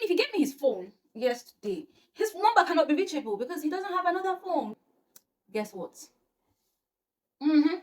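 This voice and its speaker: A young woman, telling a personal story to her viewers in a dramatic, exclamatory way. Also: fairly high pitch. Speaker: vlogger. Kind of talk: storytime vlog.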